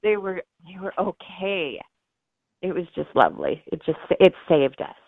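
She's a middle-aged woman, an author and bereaved mother, speaking as an interview guest in a lowish, expressive voice at a moderate pace. Her emotional story is told earnestly, with quoted voices acted out and laughter through tears, over a tinny phone-like line with no echo.

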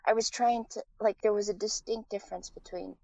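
A woman's voice: medium pitch, steady tone, brisk, darkish tone, no room sound, poor audio. A woman from Taiwan, a guest in a casual interview, telling a personal story with lots of fillers and restarts.

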